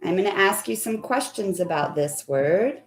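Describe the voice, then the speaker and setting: A young adult woman teacher leading a live online phonics lesson, patiently praising children by name and spelling out words deliberately. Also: medium pitch, expressive.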